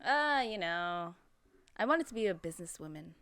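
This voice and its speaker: Female podcast guest from Canada, modest and laughing, with a lively dry voice. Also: lowish voice, moderate pace, smooth, dry recording. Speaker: marketing company head, podcast guest. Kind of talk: casual podcast chat.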